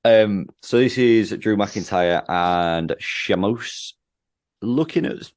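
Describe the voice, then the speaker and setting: A man's voice: fairly low pitch, slow, a little mellow. A man co-hosting a casual wrestling chat, blunt and grumbling, with swearing. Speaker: podcast co-host.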